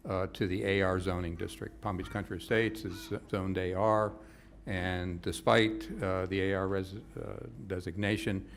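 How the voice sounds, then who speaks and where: A man giving a halting public comment at a county zoning hearing, with many fillers. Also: sits low, little pitch movement, vocal fry, a little hiss or hum.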